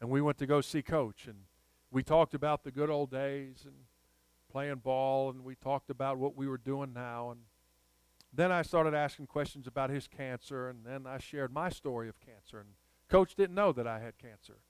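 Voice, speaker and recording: A man's voice: medium pitch, moderate pace, smooth, no room sound. A man preaching a sermon, telling a personal story and rising to emphatic appeals.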